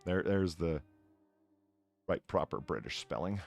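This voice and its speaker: A man's voice: low voice, expressive, unhurried, gravelly, soft background music. A man hosting a casual podcast, reading odd news stories aloud, laughing often and tripping over words. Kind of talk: casual chat.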